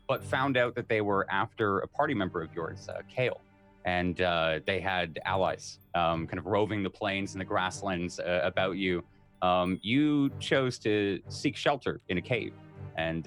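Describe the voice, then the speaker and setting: A man running a tabletop game as game master, recapping the story with many pauses and fillers. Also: deep voice, fairly bright tone.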